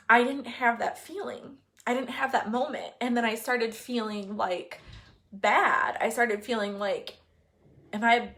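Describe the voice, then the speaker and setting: A woman's voice: a little high, fairly bright tone. A young woman, a vlogger, telling a personal story in a candid, chatty way with many fillers, sometimes getting emotional. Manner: gets emotional, laughing and crying. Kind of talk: casual chat.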